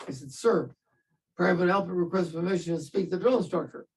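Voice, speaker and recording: A man's voice: sits high, fairly quick, distant mic, rough recording. An older man, a veteran, telling his story in an interview in a wry, self-mocking way and laughing at himself.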